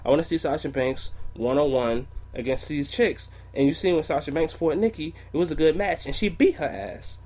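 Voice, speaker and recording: A man's voice: fairly high pitch, brisk, hardly any pauses, a little mellow. A man co-hosting a wrestling podcast, ranting in a heated, profane way. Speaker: podcast co-host. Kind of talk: casual wrestling podcast rant.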